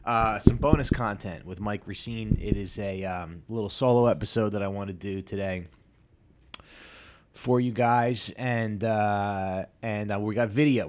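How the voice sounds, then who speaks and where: Low-voiced man rambling through a podcast. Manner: rambling, self-deprecating storytelling with many asides and restarts. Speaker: podcast host. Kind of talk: casual solo podcast monologue.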